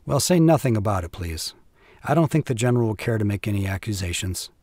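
A man voicing a weary army colonel who speaks quietly and flatly. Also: lowish voice, fast talker, no echo. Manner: quiet, flat, clipped. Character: stern, weary older male army colonel.

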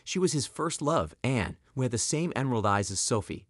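A man reading a scripted story with dramatic, expressive delivery. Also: medium pitch, a little fast, dry recording, clean studio sound. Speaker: narrator.

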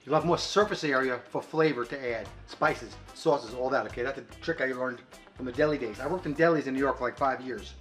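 A man's voice: mid-range voice, brisk, fairly bright tone, soft background music. A man hosting a casual cooking segment at home, chatting in a rambling way with frequent restarts. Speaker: co-host cooking on camera. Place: home kitchen and grill.

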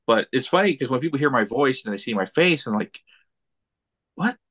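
Animated man with a faint Southern touch. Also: mid-range voice, fast, husky. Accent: slight Southern. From Texas. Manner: animated, repeats words when getting started. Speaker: guest podcaster. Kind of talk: casual chat.

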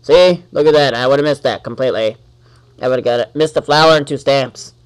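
A man giving let's-play commentary on his gameplay, talking to the enemies on screen and quickly getting annoyed. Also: medium pitch, clean tone. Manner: talks to the enemies on screen, easily annoyed, exclaims.

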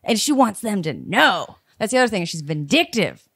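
Lively, expressive woman podcast co-host, blunt and profane, dry mic. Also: mid-range voice, moderate pace, breathy edge, dry recording. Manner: blunt, swears, animated. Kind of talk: casual true crime chat.

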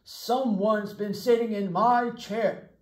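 A woman voicing an alarmed father bear with loud, urgent exclamations. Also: mid-range voice, steady tone, takes it slowly, close to an everyday voice. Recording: echoey room, faint noise.

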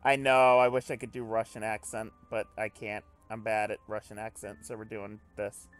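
A man hosting a let's play, reading a visual novel aloud and breaking off into excitable, swearing commentary. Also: fairly low pitch, moderate pace, smooth, soft background music. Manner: excitable, swears, jumps between reading and reacting.

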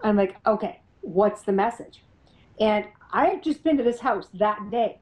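A middle-aged woman, a paranormal investigator, telling her experiences as an interview guest, animated and laughing often as she acts out what others said. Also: mid-range voice, normal speed, rough recording. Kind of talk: storytelling in an interview.

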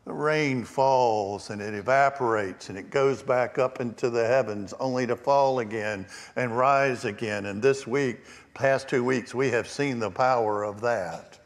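A man preaching a storytelling sermon as pastor, with shifting emphasis and hushed asides. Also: medium pitch, a little slow, hardly any pauses. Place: church sanctuary. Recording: long church reverb.

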